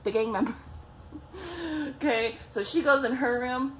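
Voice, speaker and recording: Profane, animated young woman storyteller. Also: a little high, measured pace, a little hiss or hum. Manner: profane, animated, acts out quotes. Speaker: vlogger. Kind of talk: casual storytelling.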